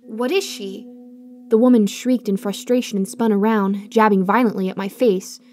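Brief: woman narrator for a horror story, mid-pitched and warm, hushed and suspenseful. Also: steady tone, brisk, faint music behind.

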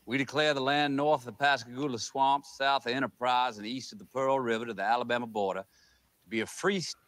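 An actor with a Southern US accent playing a defiant rebel leader, proclaiming in a slow, solemn drawl. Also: male voice, mid-range voice, steady tone, a bit bright, no echo, natural voice.

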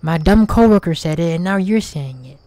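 A man's voice: on the high side, lively intonation, a little fast, mellow, no room sound. Slangy man doing game commentary. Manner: casual slangy banter. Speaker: gaming channel host. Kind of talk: let's play commentary.

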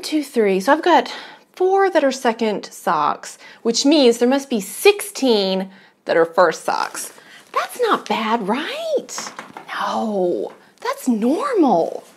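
A woman talks freely to the camera she is filming herself with at home. Her pitch rises and falls a lot as she rambles from one thing to the next. She pokes fun at herself and laughs often. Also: huge pitch swings, a little slow, slightly rough. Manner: chatty, rambling, self-deprecating, laughs often. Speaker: knitting vlogger. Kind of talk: casual chat to camera.

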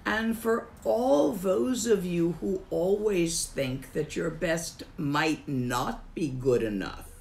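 Woman as Buddhist teacher: unhurried, gravelly, calm emphatic repetition. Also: sits low, slight background noise. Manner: calm, emphatic, repeats key phrases. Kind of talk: slow, deliberate dharma teaching.

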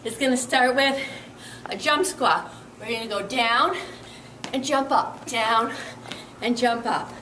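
Breathless, high-voiced woman fitness instructor. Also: takes it slowly, pauses often, sharp tone, reverberant, recorded from a distance, a little hiss or hum. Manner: upbeat, encouraging, counts reps while exercising. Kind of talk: workout instruction. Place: indoor room with carpeted floor.

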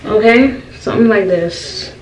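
Mid-range and a little slow, this young woman's voice carries a casual hair tutorial. The beauty vlogger is chatty, repeatedly asking viewers "y'all" questions, and the audio comes across roomy and distant with faint noise.

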